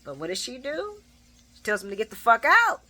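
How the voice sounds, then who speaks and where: A woman giving a casual, profane daily soap opera recap with animated asides. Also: a little high, a little fast, low-quality recording.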